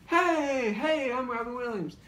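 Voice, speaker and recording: Man playing a bouncing, manic impersonator, high and loud, roomy sound. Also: animated, measured pace, heavily acted. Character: hyper, rambunctious male celebrity impersonator. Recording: roomy echo, distant mic.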